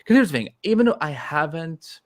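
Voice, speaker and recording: A man chatting as a guest on a reaction show, excitable and rambling, often restarting his sentences. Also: on the high side, brisk. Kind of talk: casual reaction chat.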